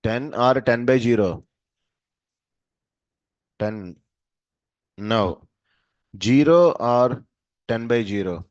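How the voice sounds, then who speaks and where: A man's voice: medium pitch, animated, very slow, pauses often, no echo. Dull-sounding man quizzing a class. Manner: quizzes students with short questions and answers. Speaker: programming teacher. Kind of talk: live coding class.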